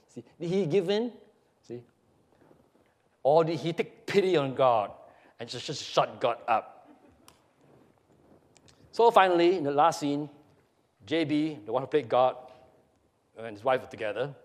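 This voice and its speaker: A man's voice: fairly high pitch, lively intonation, normal speed, pauses often, big-room sound. A man giving a literature lecture, emphatic, repeating himself and asking rhetorical questions.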